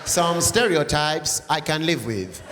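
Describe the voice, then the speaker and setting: A man's voice: on the high side, lively intonation, slow pace. A man doing a stand-up routine on a theatre stage, cheekily teasing the audience and slipping into mock-preacher asides. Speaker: stand-up comedian. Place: large theatre stage before a live audience. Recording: echoey theatre, loud crowd laughter and noise.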